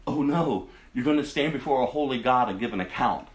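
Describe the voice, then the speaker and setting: A man preaching a sermon to his congregation, impassioned and dramatic, dropping to a hush and then rising to a loud cry. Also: mid-range voice, animated, a little fast, echoey room. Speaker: pastor.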